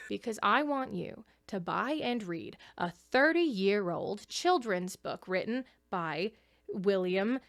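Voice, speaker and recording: A young woman talks through a casual commentary video essay in a chatty, animated way. She laughs often between points. Her voice sits at an ordinary middle pitch. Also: slow pace.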